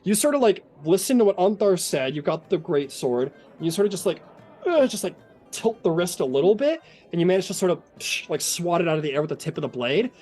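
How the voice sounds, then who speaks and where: Male game master, casual and animated, slightly high voice, faint music behind. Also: a little fast. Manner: casual, animated, filler-heavy. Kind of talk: narrating a tabletop game.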